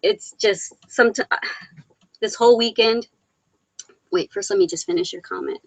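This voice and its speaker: Streaming live from home over a laptop mic, a middle-aged host reads out viewer comments, laughing often between sentences yet sounding teary and near crying. Her voice is on the high side with vocal fry and a moderate pace, and the poor audio has no room sound.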